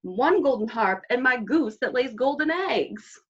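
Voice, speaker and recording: A grumpy giant monster from a storybook bellows and grumbles in loud outbursts, as a woman reading aloud puts him on. The audio is slightly dull. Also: on the high side, lively intonation, unhurried, slightly rough, pitched above the performer's own voice. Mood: snappish. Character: grumpy giant male monster, growling and sulky.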